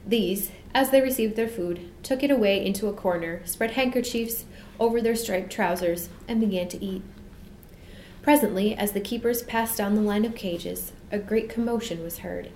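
A woman narrating a children's storybook in a measured, expressive reading, recorded in an echoey room. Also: mid-range voice, slight background noise. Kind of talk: storybook read-aloud.

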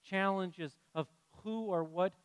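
A man preaching a sermon as pastor, playful and animated, swinging from loud bursts to hushed drops. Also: high voice, takes it slowly, smooth, in a large hall. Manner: playful, animated delivery with sudden loud rises and soft drops.

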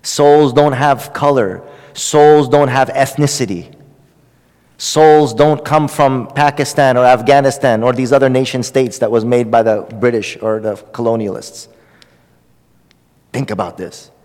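A man's voice: medium pitch, unhurried, darkish tone, big-room sound. A man teaching a religious text to an audience in a conversational, emphatic way, repeating words and asking questions. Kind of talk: sermon-style lecture.

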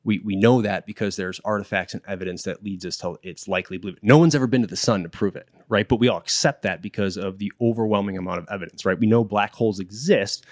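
Man, low voice, dry close sound, instructor, animated, acts out quotes. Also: quick pace, few pauses, no room sound. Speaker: instructor in behavior analysis training. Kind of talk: casual explanatory interview talk.

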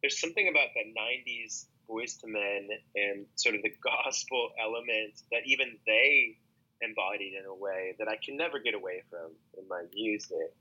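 A man's voice: on the low side, normal speed, sharp tone, breathy edge, muffled recording. A man, a musician, talking through his story in a rambling, thoughtful way with frequent restarts in a casual interview. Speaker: musician and podcast guest.

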